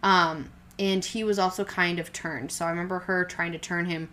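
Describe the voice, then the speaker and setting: A young woman talks in a relaxed, candid way, her voice sitting a little low for a woman. She rambles, restarting sentences and leaning on fillers as she goes. A faint hiss of noise sits under the recording. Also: moderate pace. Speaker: podcast co-host telling her birth story. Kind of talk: casual chat.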